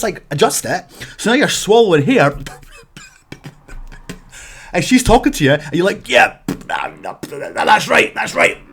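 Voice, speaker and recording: A Scottish man rants to camera for laughs, spinning exaggerated stories with plenty of emphasis. His pitch swings widely from low grumbles up to sudden shouted bursts. He sounds worked up yet playful the whole way through. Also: slightly rough. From Scotland. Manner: animated, exaggerated storytelling with shouted outbursts. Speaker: vlogger. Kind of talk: comic rant to camera.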